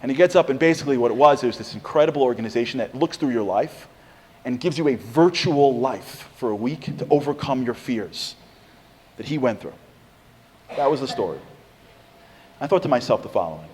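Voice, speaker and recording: Animated man telling a sermon story. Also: mid-range voice, a little fast, a little hiss or hum. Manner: animated storyteller, acts out quotes, rising intensity. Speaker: speaker giving a Torah talk.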